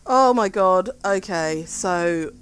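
A woman's voice: medium pitch, takes it slowly, noisy background. A frightened woman streamer giving a panicky, pleading running commentary as she plays, swearing as she goes. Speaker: gaming streamer. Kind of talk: reactive gameplay commentary.

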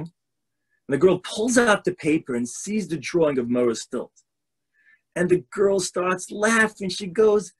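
Rabbi lecturer, animated storyteller, slightly high and husky voice, video call. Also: male voice, unhurried.

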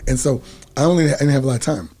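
A man's voice: medium pitch, rapid-fire, mellow. A middle-aged man telling stories from his past in a casual interview, laughing often and breaking into snatches of song. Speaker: guest telling his story.

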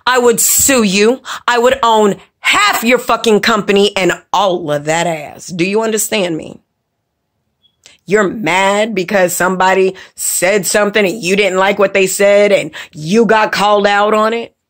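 A woman's voice: medium pitch, unhurried. A woman ranting to camera as a vlogger, blunt and profane, scolding and repeating words for emphasis. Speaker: vlogger and makeup teacher. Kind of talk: angry casual rant to camera.

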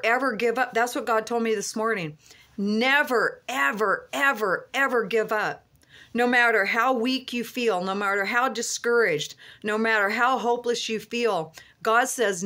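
A woman's voice: a little high, bright, forceful tone. A woman preaching and praying for her viewers in a fervent, repetitive way, her voice moved and tearful. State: tearful, emotional. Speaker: online prophetic minister. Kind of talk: emotional prayer and prophetic encouragement.

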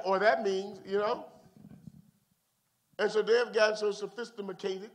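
A high-pitched man preaching at a midweek Bible study. He talks in an animated way, leaping from loud hallelujahs to quiet, low asides. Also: measured pace. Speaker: pastor.

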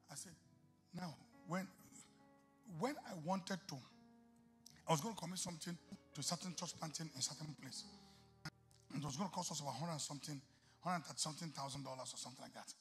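A male pastor preaching a sermon, moving from hushed storytelling to shouted exhortation, acting out talks with God in whispers. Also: fairly high pitch, creaky. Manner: acts out dialogue with God in whispers. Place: church.

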